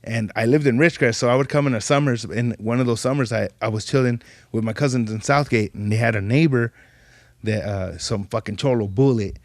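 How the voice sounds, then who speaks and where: A young man telling animated stories in casual podcast chat, full of profane slang. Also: brisk, dry recording, studio quality. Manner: animated, profane street slang, jumps pitch when quoting people. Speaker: podcast guest.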